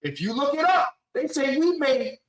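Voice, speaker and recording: A man's voice: very high voice, very animated, moderate pace. A man co-hosting a podcast, making his point earnestly in casual debate, restarting sentences often. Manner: restarts, repeats "here's the thing", earnest. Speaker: podcast co-host. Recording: echoey room.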